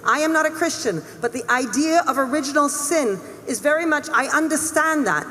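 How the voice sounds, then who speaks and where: Middle-aged woman headteacher giving a speech, earnest and emphatic, kinda high voice, big hall echo. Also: moderate pace, sharp tone. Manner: emphatic, earnest, with laughs and restarts. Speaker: head teacher speaking on a panel. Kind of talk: public speech at a summit. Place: conference hall. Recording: long echo of a large hall.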